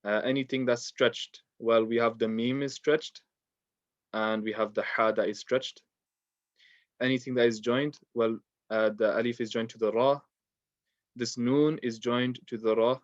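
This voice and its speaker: Male teacher, mid-pitched, patient and unhurried, dry close room, slightly muffled. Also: fairly even intonation, no echo. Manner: patient, explains step by step with many fillers. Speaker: Quran tajweed teacher. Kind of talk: online lesson.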